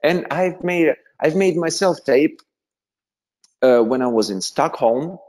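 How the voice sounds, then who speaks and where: A man with a Russian accent, a guest telling animated anecdotes in a casual interview, with frequent fillers and laughter. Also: a little high, takes it slowly.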